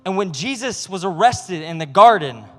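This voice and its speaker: Brief: male youth pastor, lively sermon, high voice, long hall reverb. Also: normal speed, faint music behind. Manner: animated, acts out voices of God and people.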